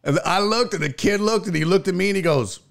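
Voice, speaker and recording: A man hosting a podcast, telling a story in casual chat, profane and animated. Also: fast, gravelly. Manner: animated, profane, acts out quotes in a loud high voice. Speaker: podcast host.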